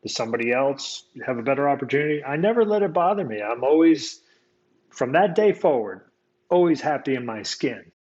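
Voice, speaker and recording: Speaking as a guest storyteller, this American man recounts something personal in a relaxed, reflective, conversational manner. His pitch is ordinary and his delivery brisk, though he keeps circling back to restart sentences, and the recording comes across as somewhat dull and lo-fi.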